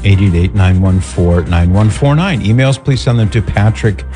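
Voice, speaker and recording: Deep-voiced male talk radio host. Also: steady tone, moderate pace, over music. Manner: conversational, with fillers and restarts.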